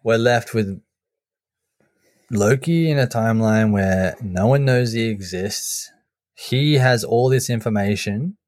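A man with a fairly low voice banters casually as a podcast co-host. He jokes in a laid-back way. The sound is dry and close to the mic, with no room echo. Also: slow, darkish tone.

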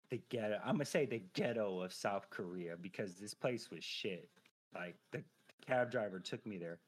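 A man in his thirties, a seasoned podcast guest, shares a personal story in loose conversation, swearing, animated, and packed with filler phrases. His voice runs somewhat low.

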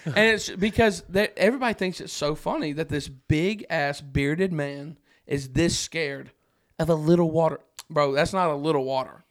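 A man's voice: a little high, normal speed. A man from Arkansas, a podcast guest, telling a story in casual chat and acting out his own panic.

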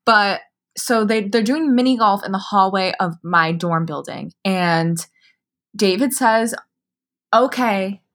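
A woman's voice: mid-range voice, fairly bright tone. A woman in her twenties, a podcast co-host, telling a story in casual chat over drinks, full of "like" and swearing. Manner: chatty storytelling, frequent "like" and swearing.

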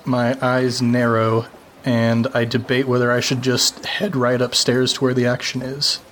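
A man's voice: mid-range voice, level tone, a little slow, a bit bright, a little hiss or hum. Man playing a game, dramatic. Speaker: player. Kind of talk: casual chat.

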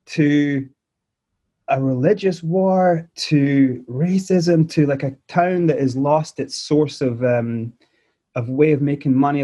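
Speaking in a dark, medium-pitched voice, a man in his forties with a Scottish accent touched by South African traces recounts his life on a podcast. The casual interview storytelling is loose and rambling, full of restarts and "like," and the recording is dull and lo-fi.

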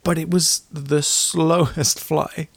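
Gravelly man swapping crude jokes. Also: fairly high pitch, flat delivery, slow pace. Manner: jokey, swears a lot, laughs mid-sentence. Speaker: podcast co-host. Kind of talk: crude casual banter.

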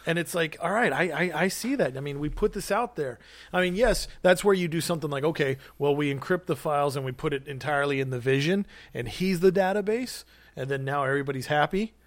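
A man in casual podcast chat about comics, rambling with many fillers and growing animated when he teases. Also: on the high side, a little fast, dry recording. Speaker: podcast co-host.

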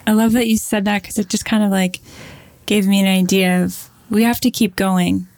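A woman's voice: medium pitch, normal speed, no room sound. A woman co-hosting a casual chat, telling stories with lots of "like" fillers. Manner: chatty, many "like" fillers, animated storytelling.

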